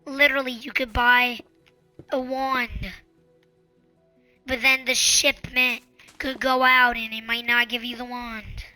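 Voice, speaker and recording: High, slow-talking earnest woman. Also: little pitch movement, bright, forceful tone, no room sound, faint music behind. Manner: earnest, pleading, repetitive. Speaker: channel host. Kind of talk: casual advice monologue.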